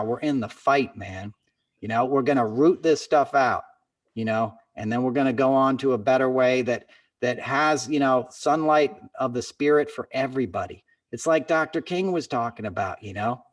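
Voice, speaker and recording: A man's voice: medium pitch, recorded from a distance. A man hosting a podcast in casual chat, talking in an earnest, impassioned way that sounds like a pep talk. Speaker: podcast host.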